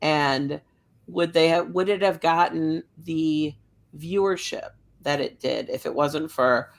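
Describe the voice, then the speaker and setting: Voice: medium pitch, slow, gravelly. A podcast co-host in a casual panel discussion, making points through rhetorical questions and "you know what I mean". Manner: conversational, argues with rhetorical questions.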